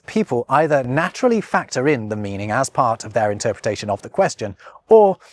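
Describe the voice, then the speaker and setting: A man's voice: mid-range voice, no room sound. A man with a British accent hosting a scripted language lesson, playful and wry, leaning hard on the words he discusses. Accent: British English. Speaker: language video host. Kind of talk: scripted educational narration.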